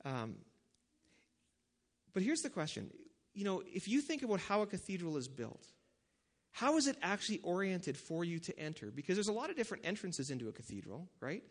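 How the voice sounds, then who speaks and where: Conversational male preacher, slightly high voice. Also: sing-song, a little fast. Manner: conversational, asks the audience questions, many fillers. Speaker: pastor. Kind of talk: sermon.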